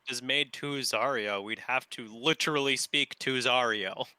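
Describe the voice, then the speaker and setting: A man's voice: mid-range voice, moderate pace, bright, forceful tone, clear, resonant tone, no room sound. A man playing a tabletop game, eagerly thinking aloud in casual chat. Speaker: player.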